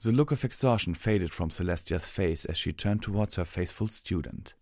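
A man reading a fantasy story aloud as narrator, steady and measured. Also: sits low, no room sound, studio quality.

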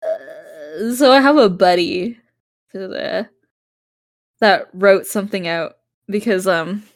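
A woman's voice: mid-range voice, slow, dry recording, clean studio sound. A tipsy woman chatting casually, giggling often and swearing freely. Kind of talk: casual chat.

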